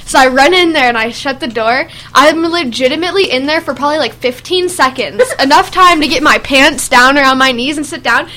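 A woman's voice: sits high, fairly quick, few pauses. A young woman chatting casually with friends, telling a story and laughing often. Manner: giggly, animated storyteller.

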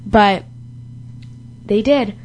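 A woman's voice: mid-range voice, extremely slow, a little mellow. A young woman hosting a casual chat, telling rambling stories and laughing easily. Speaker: host.

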